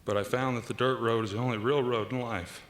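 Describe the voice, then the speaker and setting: A man, giving an earnest, measured acceptance speech at a podium with pauses and small restarts. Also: mid-range voice, steady tone. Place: large banquet hall. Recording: echoey hall with long reverb.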